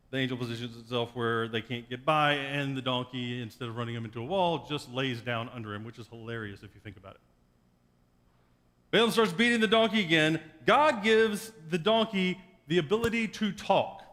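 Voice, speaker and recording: A man's voice: mid-range voice, a bit bright, big-room sound. A man preaching a sermon as pastor, retelling a story in a wry, joking way. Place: church sanctuary.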